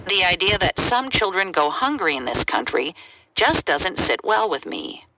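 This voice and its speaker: A woman reading English example sentences aloud in a clear, measured way for a language lesson. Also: on the low side, expressive. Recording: noisy recording.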